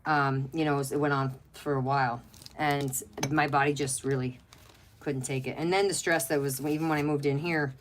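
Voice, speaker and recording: A woman's voice: sits low, fairly even intonation, fairly quick, noisy background. A middle-aged woman hosting a home craft livestream, chatting casually, rambling and gushing, reading viewer comments aloud. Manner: rambling and chatty, gushes over pets, many fillers. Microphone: webcam.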